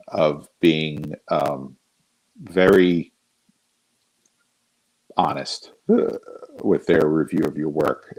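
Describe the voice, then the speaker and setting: A man with a very low, husky voice tells a story at an easy pace. He is a guest artist from Northern New Jersey, talking casually and poking gentle fun at himself. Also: rough recording. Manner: relaxed, anecdotal, self-deprecating.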